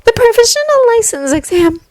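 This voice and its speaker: A woman's voice: extremely high pitch, sing-song, fairly quick, a little mellow, dry recording, pitched above the performer's own voice. A woman doing a bubbly teenage hero girl. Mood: musing. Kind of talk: fanfiction reading.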